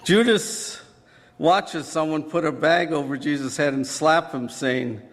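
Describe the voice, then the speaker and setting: Preacher guy telling the story, kinda high voice, long echo off the church walls. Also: unhurried. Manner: vivid, earnest storyteller. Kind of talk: dramatic sermon storytelling. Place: church sanctuary.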